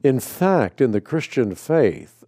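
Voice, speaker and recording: A man hosting a radio call-in show, speaking in a measured, deliberate way with frequent filler sounds. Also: mid-range voice, sing-song, mellow, no room sound, studio quality.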